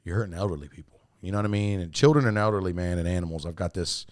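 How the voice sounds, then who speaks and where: A man with a low voice hosts a casual podcast. He talks loosely and swears, restarts his sentences often, and now and then bursts out louder when he gets worked up. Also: very fast, no room sound, studio quality. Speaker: podcast host and coach.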